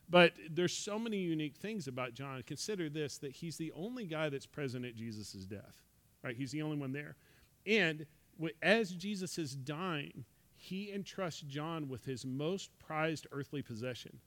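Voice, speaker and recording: A man's voice: on the high side, fairly bright tone. A man giving a casual Bible teaching talk, conversational and full of "right?" asides, acting out quoted speech. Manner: acts out quoted speech in dialogue.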